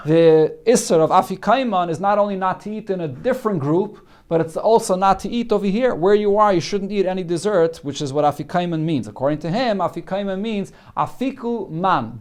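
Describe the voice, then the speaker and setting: Talmud teacher man, higher-pitched voice. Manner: explains Aramaic text line by line with many fillers. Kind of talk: daily Talmud class.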